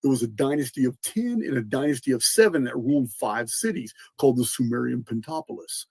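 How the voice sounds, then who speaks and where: Man lecturing with a mellow, husky voice. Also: medium pitch, sing-song, normal speed, dry recording. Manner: earnest explainer, repeats and restarts words, spells out names. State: coughing, clearing throat. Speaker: podcast host. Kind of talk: lecturing monologue.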